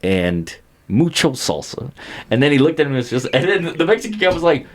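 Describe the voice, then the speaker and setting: A man's voice: fairly high pitch, racing. A man co-hosting a podcast, telling stories casually and acting out other people's lines. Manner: animated, acts out voices in stories. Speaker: podcast co-host. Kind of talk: casual storytelling chat.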